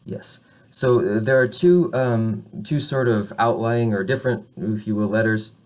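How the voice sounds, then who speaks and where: A man teaching beginner French pronunciation, explaining casually, correcting himself and modeling sounds slowly. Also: medium pitch, a little mellow.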